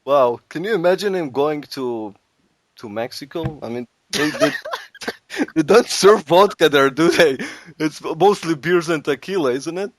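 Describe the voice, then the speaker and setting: Man, casual comedic chat, slow, higher-pitched, lively, stammering restarts, dry close sound. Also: no room sound. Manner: joking, laughs often, stammers on restarts.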